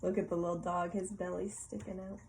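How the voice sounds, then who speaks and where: A woman reading a picture book aloud to a child, playful, pausing to ask questions and laughing often. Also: lowish voice, little pitch movement, gravelly, darkish tone, a little hiss or hum, poor audio.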